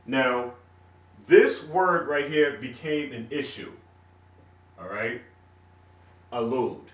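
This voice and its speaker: A man with a rural North Carolina accent teaching a religious lesson. He talks in halting, repeated phrases and keeps checking in with "all right?". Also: medium pitch, animated. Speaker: ministry teacher. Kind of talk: teaching a religious lesson while writing on a board. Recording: echoey room, far from mic, dull lo-fi.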